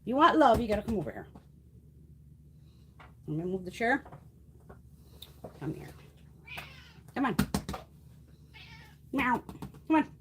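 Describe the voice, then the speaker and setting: A woman hosting a casual beauty livestream, chatting with viewers, swearing freely and coaxing her cat in a high sing-song voice. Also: very animated, slow pace, pauses often, slight background noise.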